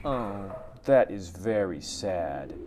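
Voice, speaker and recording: A man voicing a flirtatious female spider who speaks in a coy, low-key way. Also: lively intonation, slow, noisy background. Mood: flirty.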